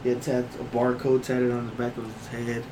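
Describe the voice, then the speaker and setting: A man's voice: medium pitch, level tone, a little fast. A young man casually telling stories to friends, loose and rambling, full of fillers and swearing. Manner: swearing freely, laughs through punchlines. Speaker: storyteller among friends. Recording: noisy ambient background.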